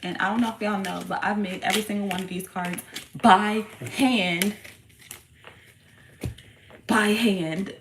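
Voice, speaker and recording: A woman's voice: mid-range voice, flat delivery, fast, creaky, few pauses. Casual, profane woman tarot reader, roomy. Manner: casual, profane, slangy and hyped-up. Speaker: tarot reader and channel host. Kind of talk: casual tarot reading livestream chat. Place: home room with her young son nearby. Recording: roomy echo with faint background noise.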